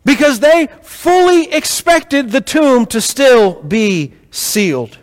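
High-voiced male preacher in echoing hall. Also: slow pace. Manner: animated storytelling with rhetorical questions. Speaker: pastor. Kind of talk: sermon. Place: church hall with congregation. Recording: echoey hall.

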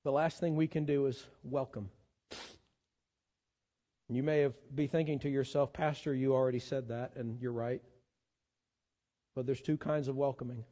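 A man's voice: mid-range voice, fairly even intonation, moderate pace, pauses often, dark tone, in a large hall. A man preaching a sermon as pastor, earnest and given to repeating words as he searches for the next one. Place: church sanctuary.

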